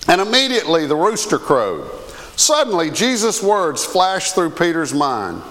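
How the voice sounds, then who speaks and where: A man with a Southern US accent preaching a sermon as pastor, folksy and animated with touches of humor. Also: on the high side, a little slow, long reverb tail.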